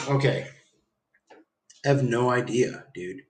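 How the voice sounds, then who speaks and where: A man's voice: on the high side, expressive, measured pace. A man rambling through a profane, jumpy livestream monologue from home. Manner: rambling, profane, jumps around the story. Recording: echoey room.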